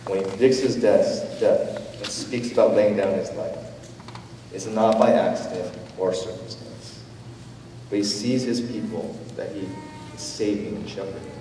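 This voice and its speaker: Mellow-voiced pastor in an echoey hall. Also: male voice, fairly low pitch, steady tone, unhurried, slight background noise. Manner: conversational, gentle preaching with fillers. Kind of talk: sermon. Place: church sanctuary. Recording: roomy church hall, from a distance.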